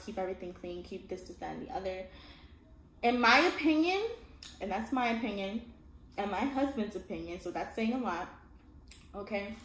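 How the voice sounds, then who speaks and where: A woman telling her own story in a casual storytime monologue, emphatic and often checking in with her listener. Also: medium pitch. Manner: emphatic, keeps checking in with "all right?" and "okay?". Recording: echoey room with faint background hum.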